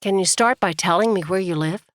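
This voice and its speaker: A woman voicing a caring male frontier doctor who asks his patient questions in a calm, earnest way. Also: lowish voice, brisk, dry recording, clean studio sound, lightly acted. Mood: gentle.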